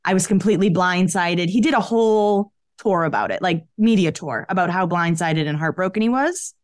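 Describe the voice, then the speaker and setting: A woman's voice: lowish voice, a little fast, dry recording, studio quality. A woman co-hosting a podcast, chatting and gossiping about pop culture in a casual, chatty way, often saying "like". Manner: chatty, gossipy, frequent "like" fillers. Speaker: podcast co-host.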